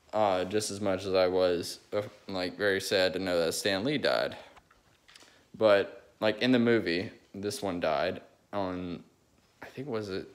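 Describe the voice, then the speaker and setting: A young man chatting casually and rambling eagerly between his impressions, recorded on a phone. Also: low-pitched. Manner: rambling, restarts often, eager. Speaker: amateur impressionist.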